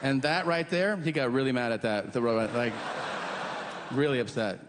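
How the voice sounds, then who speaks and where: A man doing a stand-up comedy set, telling stories deadpan and acting out both sides of the conversations. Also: mid-range voice, moderate pace. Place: comedy club stage. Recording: live club stage mic, long hall reverb, audience noise.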